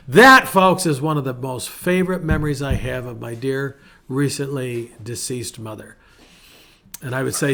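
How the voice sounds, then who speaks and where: A middle-aged man talks casually through a devotional message in a mid-range voice. He is chatty and animated, and he acts out the people he quotes with lively shifts in his voice. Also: medium pitch, moderate pace, gravelly. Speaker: ministry podcast host.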